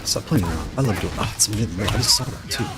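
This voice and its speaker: Excitable man commentating his own match. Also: fairly low pitch, fast talker. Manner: excitable, talks to opponent, laughs often. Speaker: gaming streamer. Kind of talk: live gameplay commentary. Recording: music playing behind.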